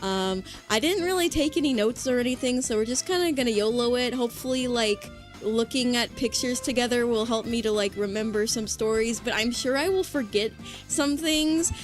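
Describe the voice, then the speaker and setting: A woman VTuber chatting casually on a livestream, excitable and rambling with lots of fillers. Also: a little high, normal speed, soft background music. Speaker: VTuber streamer.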